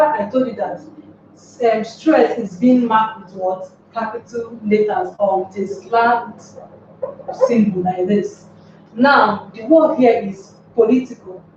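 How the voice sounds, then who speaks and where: A woman teaching an English lesson, explaining slowly and repeating words, asking rhetorical questions. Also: a little high, a little mellow, a little hiss or hum. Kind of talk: recorded classroom tutorial. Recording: roomy, distant, dull recording.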